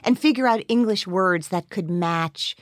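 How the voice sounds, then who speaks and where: A woman's voice: mid-range voice, measured pace, no echo, clean studio sound. A woman hosting a podcast, asking questions and telling stories with wry, jokey asides. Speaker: podcast host. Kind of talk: casual interview chat.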